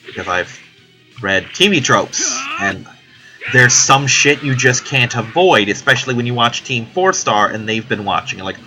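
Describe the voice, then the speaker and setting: A young man talks through his gameplay in a loose, rambling way, with a very bright, forward voice. He swears casually and drifts between topics, while faint game music plays underneath. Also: medium pitch, expressive, moderate pace, low-quality recording. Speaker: let's play host. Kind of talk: casual gaming commentary.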